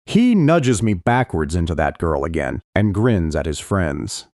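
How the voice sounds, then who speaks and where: Deep-voiced man narrating a thriller audiobook. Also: sing-song, a little slow, a little mellow, dry recording, studio quality. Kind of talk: scripted first-person audiobook narration.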